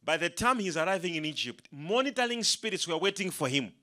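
High, lively, bright-voiced male preacher. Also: brisk. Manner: emphatic preaching, leads congregation in call-and-response. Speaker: pastor. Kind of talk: sermon.

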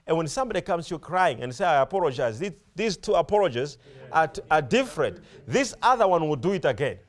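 A man's voice: a little high, fast. A male preacher delivering a sermon, emphatic and repetitive, often stopping to ask his congregation questions. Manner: emphatic, repeats words and phrases, animated rise and fall.

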